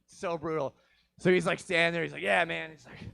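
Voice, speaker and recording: A man's voice: a little high, brisk, gravelly, bright, forceful tone. A man doing a crude, rambling stand-up set, swearing often and checking in with the crowd. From Vancouver area, Canada. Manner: crude, profane, rambling with frequent "right?". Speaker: stand-up comedian. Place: comedy show stage.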